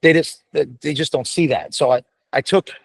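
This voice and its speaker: A man's voice: fairly high pitch, normal speed, creaky, breathy edge. A man guest on a casual podcast interview, talking bluntly and profanely, rambling with many restarts. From United States. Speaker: firefighter paramedic guest.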